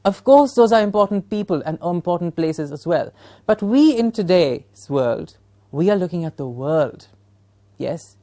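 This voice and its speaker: A woman's voice: lowish voice, lively intonation, a little slow, warm tone. A woman with a Punjabi accent giving a recorded training lecture to teachers from a studio, asking rhetorical questions with emphatic encouragement.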